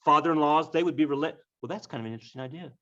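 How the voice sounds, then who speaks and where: A man with a slightly high, rapid-fire voice teaches a class by retelling a story laced with jokes. He's lively and addresses the students directly in this humorous storytelling lesson, recorded in dull, lo-fi audio.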